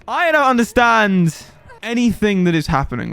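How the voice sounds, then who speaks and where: A young man commentating his live game stream in a high, bright voice. He rants in exasperation and his pitch swoops all over the place, jumping into sudden high outbursts. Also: lively intonation, normal speed, creaky, no room sound.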